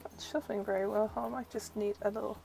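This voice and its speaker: A woman's voice: medium pitch, fairly even intonation, brisk, vocal fry, over music, low-quality recording. Chatty, easily delighted woman tarot reader. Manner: chatty, uses "like" a lot. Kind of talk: casual oracle deck flip-through.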